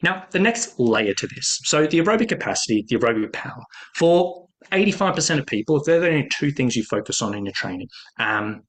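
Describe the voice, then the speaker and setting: A man's voice: medium pitch, very animated, brisk, fairly bright tone. A man as a hiking fitness coach explaining a training method in a casual, repetitive way, with many fillers like "essentially" and "really, really".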